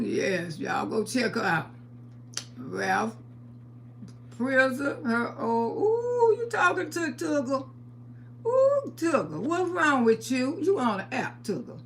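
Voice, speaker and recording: A woman's voice: sits high, creaky, fairly bright tone, slight background noise. An older woman hosting a live stream, greeting viewers by name and laughing often, calling them sugar and baby. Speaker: livestream host.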